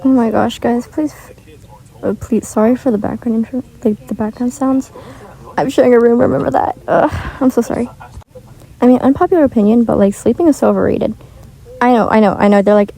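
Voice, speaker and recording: A woman's voice: on the high side, steady tone, fairly quick, vocal fry, dark tone, low-quality recording. A teenage girl chatting casually while gaming, rambling with lots of filler words, recorded on earbuds in a shared bedroom. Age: teens. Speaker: gaming vlogger. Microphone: wireless earbuds.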